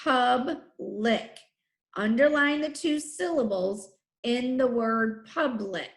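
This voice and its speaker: Woman teacher, fairly high voice, very slow, deliberate dictation, roomy sound. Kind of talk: spelling dictation for a class.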